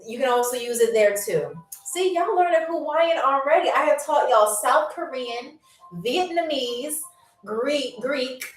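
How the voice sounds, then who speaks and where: Chatty, high-voiced woman game show host. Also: animated, distant mic. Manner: chatty and playful, laughs often, sounds words out slowly. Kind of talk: casual livestream hosting, reading out chat. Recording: echoey room, voice set back from the mic, faint music.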